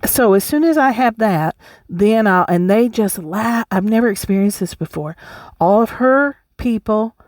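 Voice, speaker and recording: Speaking a little slowly but with animation, a woman with a mid-range, darkish voice hosts her solo podcast in a casual style. She's emphatic and blunt, curses freely, and laughs often, and the studio-quality audio has no echo.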